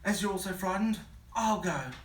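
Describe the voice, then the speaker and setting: A man voicing a tiny, brave male mouse with a high shrieking voice in a picture book reading. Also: expressive, normal speed. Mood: brave then frantic. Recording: roomy distant mic, faint hum.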